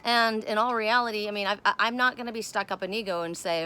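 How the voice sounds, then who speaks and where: A woman chatting casually on her home deck, expressive and talking to her pets between thoughts. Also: mid-range voice, fast talker, clean tone. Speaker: spiritual vlogger. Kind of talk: casual chat.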